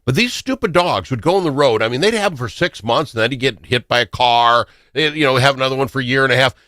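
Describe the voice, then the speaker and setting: A man hosting a talk show, telling stories in a casual, excitable way. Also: mid-range voice, fast, dry recording, studio quality. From Minnesota. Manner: animated, excitable storyteller. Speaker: radio talk show host. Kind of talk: casual storytelling chat.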